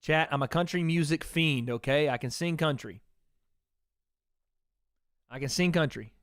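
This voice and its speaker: A man's voice: a little high, measured pace, fairly bright tone, no echo, studio quality. A man hosting a casual livestream, chatting loosely with his viewers and reading out their donations. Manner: chatty, reads donations aloud, talks to chat. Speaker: livestream host.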